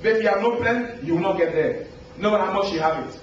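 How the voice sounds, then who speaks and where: A man preaching a motivational sermon, asking his listeners questions and acting out the people he quotes in a high voice. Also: fast talker, a little hiss or hum. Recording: roomy, dull recording from far off.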